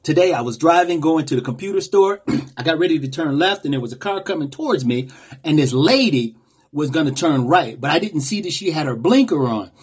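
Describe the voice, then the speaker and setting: A man with a rather high, husky voice tells a story straight to camera. He talks casually and animatedly, as if chatting with viewers. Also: animated, fairly quick. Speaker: vlogger.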